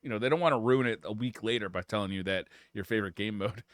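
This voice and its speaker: A man co-hosting a gaming podcast, bantering in a lively way and often breaking into laughter. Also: on the low side, fast talker, no room sound. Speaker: podcast co-host. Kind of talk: casual podcast chat.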